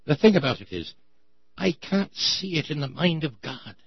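Pious evasive Irish bishop, voiced by a man in a mocking put-on brogue; husky, dry, dull lo-fi sound. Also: fairly high pitch, sing-song, moderate pace, no room sound, pitched above the performer's own voice, exaggerated voice. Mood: solemn.

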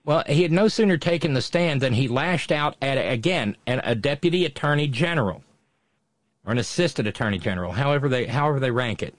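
A man co-hosting a political talk show, measured and wry, with frequent stammering restarts. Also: mid-range voice, expressive, dry recording. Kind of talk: casual political commentary.

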